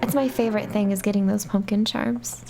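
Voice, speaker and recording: A woman's voice: mid-range voice, steady tone, brisk, gravelly, darkish tone, faint music behind. A woman hosting a let's-play, chatting and joking her way through a horror game. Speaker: gaming channel host. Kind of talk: playful let's-play commentary.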